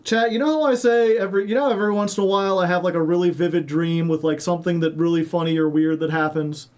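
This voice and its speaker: High-voiced man streaming and joking. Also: fairly even intonation, fast, a little mellow. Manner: rambling, joking, laughs often. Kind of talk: casual chat while playing a card game.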